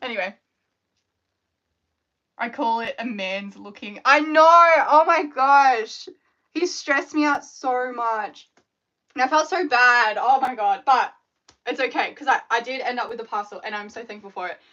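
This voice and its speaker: A woman, chatting on her live stream in an animated, rambling way full of fillers. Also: on the high side, measured pace, lo-fi sound. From Australia. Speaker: scrunchie maker hosting a live stream. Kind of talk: casual live-stream chat.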